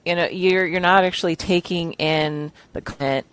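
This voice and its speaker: Woman, podcast host, lowish pitch, earnest, casual chat, restarts mid-sentence. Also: fairly even intonation, moderate pace, clear, resonant tone, no echo. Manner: earnest, searching for words with restarts.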